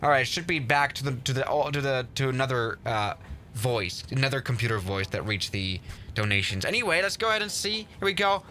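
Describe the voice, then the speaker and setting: A young man giving casual, excitable commentary while playing a flight simulator, often exasperated and restarting his sentences. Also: mid-range voice, brisk, a little hiss or hum. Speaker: flight sim streamer.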